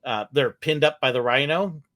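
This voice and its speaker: A man from California telling relaxed stories over a video call, laughing often. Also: mid-range voice, normal speed. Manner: easygoing storyteller, laughs often. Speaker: guest, former theme park ride skipper. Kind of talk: casual video call chat.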